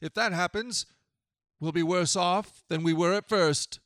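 A man reading scripture aloud and then preaching, in a solemn, measured way with dramatic swells. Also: sits high, fairly bright tone, dry recording, studio quality.

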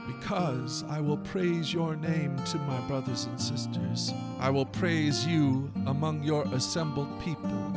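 A man reading scripture aloud and then preaching, in a solemn, measured way with dramatic swells. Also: fairly high pitch.

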